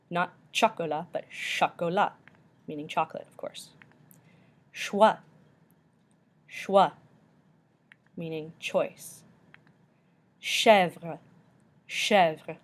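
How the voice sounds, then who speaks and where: A woman teacher slowly walking through a pronunciation lesson, repeating each word carefully. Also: on the low side.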